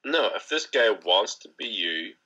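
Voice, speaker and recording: A man's voice: lowish voice, very animated, measured pace, bright, forceful tone. A young man co-hosting a podcast, rambling and teasing in casual banter and swearing freely. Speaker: podcast co-host. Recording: dull lo-fi podcast audio.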